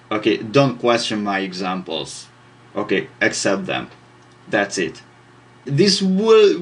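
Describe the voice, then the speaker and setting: Guy teaching old script, super slow, lots of uhs, dry little asides. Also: fairly low pitch, gravelly, fairly bright tone. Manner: hesitant, many fillers, self-deprecating asides. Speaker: language teacher. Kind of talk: informal explanatory lesson.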